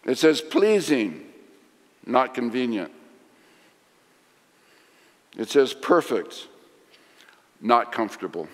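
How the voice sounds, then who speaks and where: A middle-aged man preaching a sermon, swinging from loud emphasis to hushed lines. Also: medium pitch, big pitch swings, takes it slowly, long pauses. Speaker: pastor. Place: large church sanctuary. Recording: long hall reverb.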